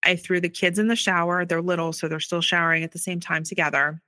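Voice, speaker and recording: An earnest woman recounting her personal story in testimony style. Her voice sits a little low, yet it is bright and forceful. She is recorded dry, close and with no room sound. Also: steady tone, dry recording. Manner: earnest, recounts events quickly with acted quoted dialogue. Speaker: interviewee sharing her story.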